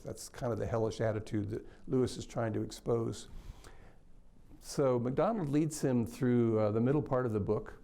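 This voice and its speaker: Male scholar talking through a book, gravelly and mellow, thoughtful with lots of uhs. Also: mid-range voice, normal speed. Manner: thoughtful, explanatory, with ums. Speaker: literature scholar. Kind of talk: lecture-style talk.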